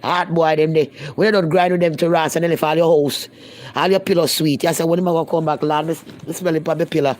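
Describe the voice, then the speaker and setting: A Jamaican woman vlogger chats casually with her live-stream viewers in thick patois, speaking bluntly and emphatically and repeating lines to drive her point home. Her deep, darkish voice stays fairly even in intonation, and she talks fast.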